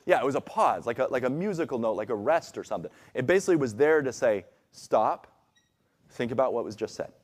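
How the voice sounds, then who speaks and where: Animated man preaching a sermon. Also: medium pitch, a little fast. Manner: conversational, animated, acts out quoted voices. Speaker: pastor. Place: church sanctuary.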